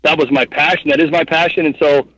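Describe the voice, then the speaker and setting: A man in his thirties, a podcast guest telling stories casually, rambling with lots of fillers in an animated way. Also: a little high, fast talker. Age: 30s. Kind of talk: casual storytelling interview. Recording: dull, muffled podcast audio.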